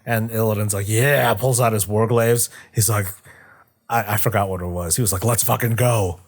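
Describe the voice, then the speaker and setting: Young man, slightly low voice, casual stream chat, rambling, profane, jokey. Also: steady tone. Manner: rambling, profane, jokey, acts out characters in quick asides. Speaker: streamer discussing game lore.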